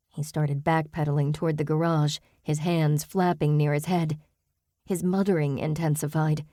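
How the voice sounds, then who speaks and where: A woman narrates a cozy mystery audiobook, reading scripted narration in an even, measured storytelling manner. Her voice sits low, recorded in clean studio sound without room noise.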